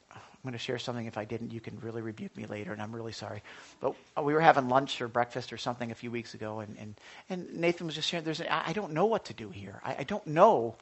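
A male pastor delivering a sermon in an animated way, swinging between loud emphasis and soft, quiet asides. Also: mid-range voice, vocal fry.

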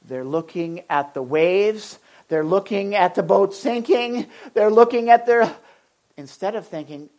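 A woman's voice: fairly low pitch, lively intonation, unhurried, a little mellow, dull audio. A woman preaching a conversational sermon, often asking her listeners questions and restarting her sentences. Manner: asks the audience questions, frequent restarts.

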